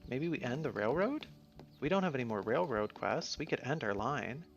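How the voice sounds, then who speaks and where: A man streaming a game in a relaxed, casual way, musing to himself as he plays. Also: medium pitch, moderate pace. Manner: easygoing, mumbles to himself while playing. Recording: slightly dull sound, faint music behind.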